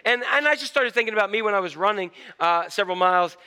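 Man, preacher, chatty and jokey, bright voice, high pitch. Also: animated, quick pace, clear, resonant tone. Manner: chatty, jokey, asks the crowd questions. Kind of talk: casual sermon with a joke.

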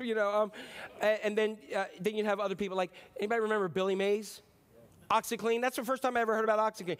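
A man in his fifties preaching a sermon in a conversational, joking way, slipping into quick impressions. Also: high voice. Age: 50s. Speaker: pastor.

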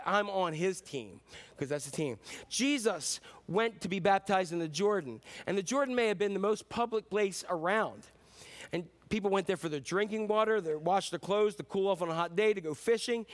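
High-voiced animated pastor. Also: male voice. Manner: animated storytelling with sudden whoops. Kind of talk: sermon.

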